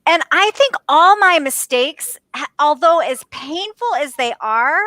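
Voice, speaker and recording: A woman in her fifties, a leadership coach talking as a podcast guest in an energetic, emphatic way and often calling out to her listeners directly. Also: sits high, measured pace, no room sound. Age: 50s. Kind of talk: casual interview conversation.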